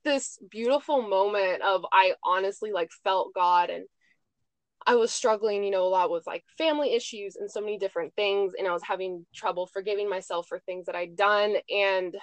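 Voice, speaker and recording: A woman's voice: mid-range voice, no room sound. A young woman hosting a podcast, telling a personal story in casual chat, full of "like" and "I'm just like". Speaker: podcast host.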